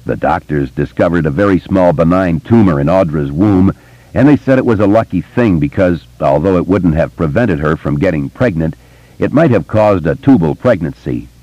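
A man voicing a quiet, thoughtful grown man who speaks low and measured. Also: animated, no echo, highs cut off. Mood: earnest.

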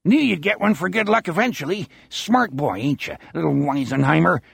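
A man's voice: fairly high pitch, moderate pace, creaky, husky, dry recording, studio quality, pitched above the performer's own voice, heavily acted. A man voicing a menacing old male killer who growls, gloats smugly and sounds out of breath. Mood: gloating threat. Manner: growling, smug, excitable.

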